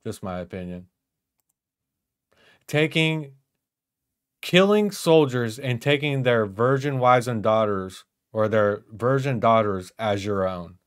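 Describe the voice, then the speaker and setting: Guy hosting a panel, mid-pitch voice, blunt and rambly, lots of like and you know. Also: expressive, slow, pauses often, clean tone. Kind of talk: online panel discussion.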